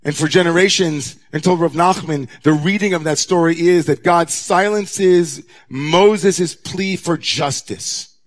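A rabbi delivers a sermon to his congregation, his fairly high voice moving a little slowly. He's dramatic, shifting from hushed near-whispers to raised, intense passages.

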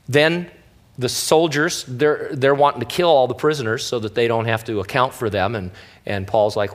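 A male pastor giving a relaxed, conversational Bible teaching. His voice sits at a middle pitch, and his delivery is casual and wry, with playful asides. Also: moderate pace.

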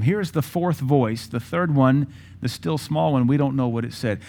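A man in his forties preaching a sermon with passion, using dramatic pauses and acting out voices from scripture. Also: medium pitch, gravelly, a little mellow. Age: 40s. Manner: impassioned, dramatic pauses, mimics Bible voices.

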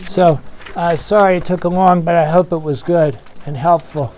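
A man's voice: on the high side, steady tone, moderate pace, a little mellow, slight background noise. A man leading a recovery meeting, talking earnestly and conversationally, asking the room questions and acting out voices in his story.

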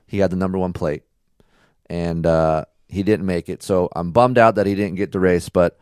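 Low-voiced male podcast co-host, loose and profane, dry close mic. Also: normal speed, smooth, no echo. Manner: rambling, profane, animated storytelling. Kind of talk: casual chat.

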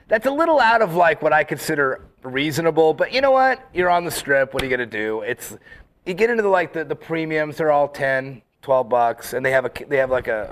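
A man in casual chat, telling rambling, animated stories full of fillers and acting out quoted lines. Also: fairly high pitch. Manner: acts out quoted lines in the story.

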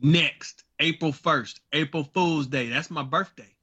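A man's voice: on the high side, a little slow, pushed and bright, breathy edge. A man, a charity founder guest, chatting casually over a video call in a playful, teasing way. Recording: dull lo-fi call audio.

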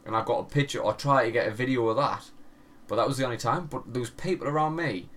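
A man in his thirties co-hosts a podcast, telling stories in casual chat as an animated storyteller who swears heavily and laughs often. His medium-pitched voice moves fast, with slight background noise.

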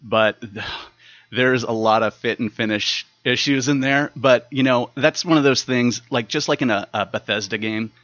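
A man's voice: medium pitch, normal speed, fairly bright tone, dry recording, muffled recording. A man guesting on a podcast, easygoing and jokey. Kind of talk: casual chat.

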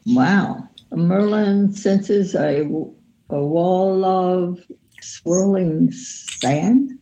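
An older woman on a family podcast, slowly reading scrawled notes aloud, stumbling over words. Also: lowish voice, dark tone, poor audio. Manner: halting, stumbling over handwriting.

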